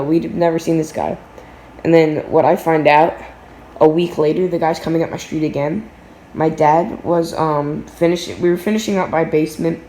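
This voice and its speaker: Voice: medium pitch, warm tone, echoey room, slight background noise, poor audio. A teenager telling a casual storytime vlog from a home basement, rambling with lots of fillers and restarts.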